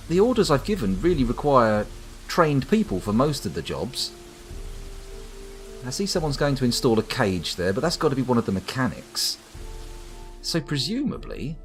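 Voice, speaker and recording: A man's voice: mid-range voice, very animated, moderate pace, long pauses. A man from the UK giving wry, rambling live commentary on a game while chatting to viewers. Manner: wry, rambling, talks to chat. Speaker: streamer. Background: faint background music.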